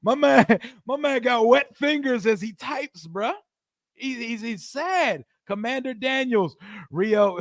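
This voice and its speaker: A man's voice: very high-pitched, animated, a little slow, no room sound, clean studio sound. A man in his forties hosting a post-game fan livestream, hyped up and trash-talking brashly. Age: 40s. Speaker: livestream host.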